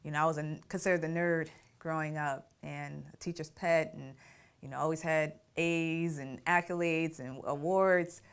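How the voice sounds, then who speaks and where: A woman's voice: sits low, steady tone, moderate pace, smooth. A middle-aged woman telling her family story in an interview, reflective and often laughing through painful memories. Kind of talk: personal storytelling.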